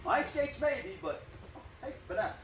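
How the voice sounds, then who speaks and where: An actor playing a vain, self-doubting stage actor who declaims grandly and then sinks into nervous gloom, in a live stage play. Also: male voice, extremely high pitch, expressive, normal speed, a bit bright. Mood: anxious, grandiose. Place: theater stage. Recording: echoey stage, distant mic, faint hiss.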